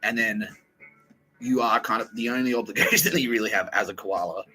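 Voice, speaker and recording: A man's voice: on the low side, brisk, sharp tone, soft background music, rough recording. An Australian man hosting a podcast in a profane comedic rant, swearing, laughing and putting on mocking voices. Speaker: podcast host.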